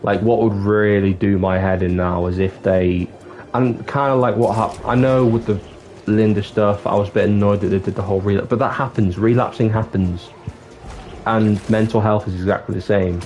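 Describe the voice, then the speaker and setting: A live streamer talks openly and rambles, cursing now and then, in a dark room with the lights off while music plays. His voice sits on the low side with a darkish tone and fairly even intonation, at a normal speed, with slight background noise.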